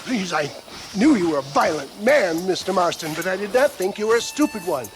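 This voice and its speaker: A man's voice: high voice, animated, fairly quick, a little hiss or hum, rough recording. An actor playing a pompous middle-aged con-man salesman who talks in a flowery, fawning way. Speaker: character in a video game. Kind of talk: video game cutscene acting.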